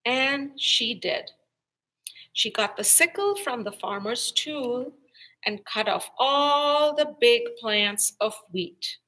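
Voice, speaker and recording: A librarian reads a children's story aloud at an unhurried pace. Her voice is bright and lively, rising and falling through each sentence. She sounds clear and warm-toned toward her young listeners. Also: a little high, poor audio. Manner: slow, expressive storytelling.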